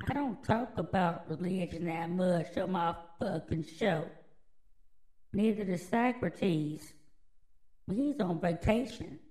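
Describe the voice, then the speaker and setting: A woman's voice: lowish voice, takes it slowly, a little mellow, rough recording. A woman hosting a podcast alone, delivering a crude, rambling, mock-conspiratorial monologue full of swearing. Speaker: podcast host.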